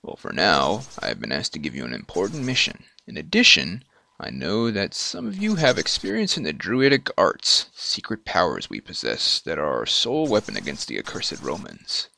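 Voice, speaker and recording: A man voicing a weary old druid, speaking slowly and solemnly in a put-on accent, sinking to hushed whispers. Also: low voice, huge pitch swings, vocal fry, full character voice. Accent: put-on foreign accent, not his own. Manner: slow, solemn delivery with hushed, whispered drops.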